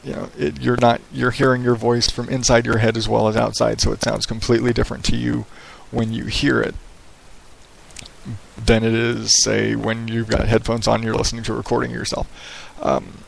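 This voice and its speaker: Podcast host, man, gravelly middle-pitched voice, loose rambling radio delivery on a headset mic, small echoey room. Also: flat delivery, moderate pace. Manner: rambling, profane, laid-back radio-style delivery. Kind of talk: casual solo podcast monologue. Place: small echoey home office with hardwood floors. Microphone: headset microphone.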